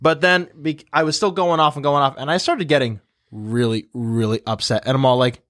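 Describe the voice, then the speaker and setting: A man's voice: mid-range voice, fairly even intonation, a little fast, hardly any pauses, fairly bright tone. Chatty young male podcast host. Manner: storytelling, chatty with many fillers. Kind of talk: casual panel chat.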